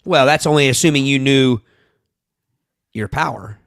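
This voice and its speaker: A man of medium pitch co-hosting a casual podcast, reasoning through each question aloud. The sound is dry and close to the mic. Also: moderate pace, a bit bright, no echo. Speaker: podcast co-host. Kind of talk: casual chat.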